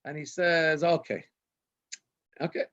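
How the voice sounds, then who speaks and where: A man's voice: a little high, slow, fairly bright tone. A man, a rabbi, telling anecdotes on a video call and laughing at his own jokes. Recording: dull lo-fi video call audio.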